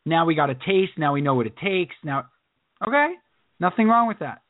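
A man co-hosting a casual sports podcast, animated and jokey, often slipping into impressions. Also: fairly high pitch, normal speed, dry recording. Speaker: podcast co-host. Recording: dry tinny phone-like sound.

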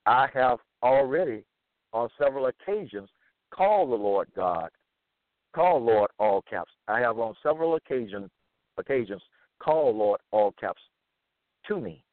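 A man's voice: medium pitch, animated, no echo. Male speaker, plodding scripture reading with commentary, thin lo-fi line. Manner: slow, deliberate and repetitive. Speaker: monologue speaker. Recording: tinny phone-like line, dry.

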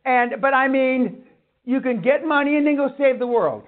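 High-voiced swearing seminar man, tinny. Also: moderate pace. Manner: blunt, swearing, ranting. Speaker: seminar speaker. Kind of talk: profane motivational lecture. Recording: tinny phone-like sound.

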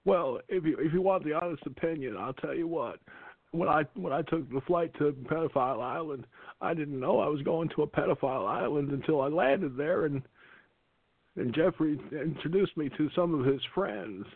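A man doing a drawling, hoarse impression of a sly, henpecked male ex-president over a phone line. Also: on the high side, moderate pace, no room sound.

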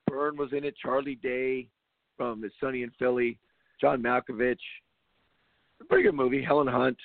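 Gravelly man talking over a phone line. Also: mid-range voice, steady tone, normal speed, dry recording. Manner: rambling, emphatic, frequent restarts. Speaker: basketball coach and show host. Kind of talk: casual monologue. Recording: tinny phone-like line, dry.

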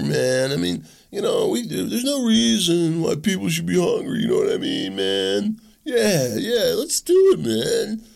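A man's voice: high-pitched, creaky, a little mellow, voice pushed up, heavily acted. A man voicing a dreamy, idealistic stoner college guy who tacks "man" onto every phrase. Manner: laid-back, drawls "man" after each phrase.

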